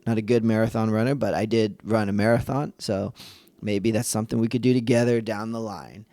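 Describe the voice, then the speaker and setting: Earnest gravelly-voiced man talking. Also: lowish voice, fairly even intonation, fairly quick, warm tone, no room sound. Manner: earnest, conversational with frequent restarts. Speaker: podcast host. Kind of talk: casual reflective monologue.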